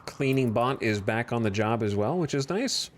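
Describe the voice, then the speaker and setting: A man's voice: medium pitch, animated, moderate pace, slight background noise. A man streaming a game, chatting casually and thinking aloud about his next moves. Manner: thinks aloud while playing, chatty and easygoing. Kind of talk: casual gameplay commentary.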